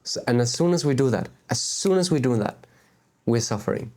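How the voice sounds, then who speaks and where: A man's voice: medium pitch, fairly quick. Candid man musing outdoors. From Denmark. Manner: candid, animated, swears and laughs at himself. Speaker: spiritual vlogger. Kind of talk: casual spiritual talk to camera. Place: outdoors on a beach.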